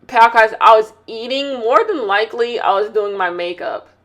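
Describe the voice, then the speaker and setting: A woman hosting her podcast in a casual chat, candid and opinionated, talking while she does her makeup, swinging from loud outbursts to quiet asides. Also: a little high, moderate pace. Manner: candid and opinionated, with slangy banter. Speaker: podcast host.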